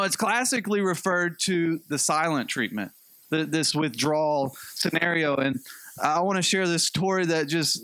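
A young adult man preaching a sermon, animated, acting out quotes as he goes. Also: no room sound. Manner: animated, acts out quotes with a jumpy pitch. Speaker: pastor.

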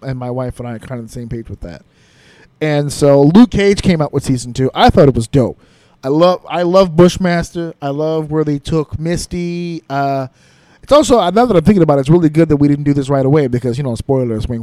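A man's voice: a little high, darkish tone, no room sound. A man hosting his own podcast alone, chatting casually, rambling and correcting himself as he goes, with easy laughs. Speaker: podcast host. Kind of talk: casual solo podcast talk.

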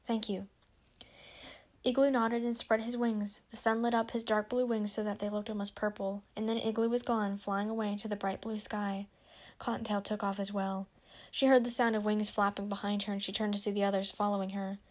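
A woman's voice: medium pitch, little pitch movement, brisk, darkish tone. Woman reading a dragon story aloud. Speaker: reader.

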